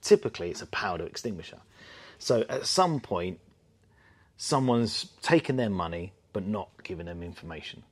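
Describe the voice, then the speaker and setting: A man co-hosting a casual podcast chat, telling anecdotes in a lively way. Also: low voice, moderate pace, slightly rough. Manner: storytelling, animated with quoted voices. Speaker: podcast co-host.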